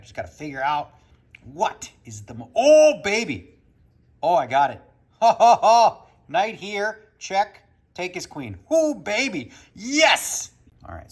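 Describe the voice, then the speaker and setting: A man's voice: medium pitch, slightly rough. A man chatting casually to camera in a home vlog, joking as he goes, with a little wind and noise behind him. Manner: chatty, joking, talks to his dogs. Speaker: vlogger, poker player. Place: home, backyard and indoors.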